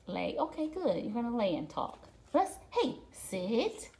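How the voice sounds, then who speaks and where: A woman's voice: fairly high pitch, very animated, measured pace, gravelly, a little mellow. A woman talking to her dog on camera at home, scolding and coaxing it in a sing-song pet-talk voice. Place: at home by a window.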